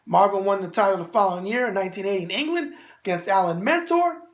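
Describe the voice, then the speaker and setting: A man's voice: high-pitched, lively intonation, quick pace. A middle-aged man with a New York accent hosting a boxing show, answering viewer mail in brash wise-guy banter.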